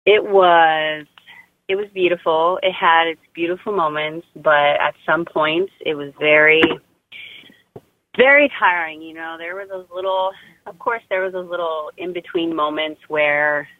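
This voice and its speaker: A woman's voice: sits low, a little slow, slight background noise. A woman guest in a casual interview, telling her story in a heartfelt, rambling way full of "you know" and "like.". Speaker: guest mother sharing birth story. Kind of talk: casual interview over phone. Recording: tinny phone line.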